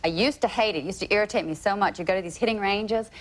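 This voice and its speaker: A woman's voice: mid-range voice, fast talker. A woman, chatting as a talk show guest and telling stories with playful exaggeration. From North Carolina, US. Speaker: actress guest. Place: television studio with live audience.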